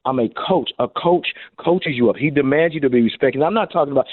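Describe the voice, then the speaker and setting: Speaking fast with few pauses, a man with a voice on the high side chats on a radio show; the recording is dry and comes through a tinny phone line. He used to be a pro receiver and now coaches, and in this casual interview he animatedly acts out every quote in his stories.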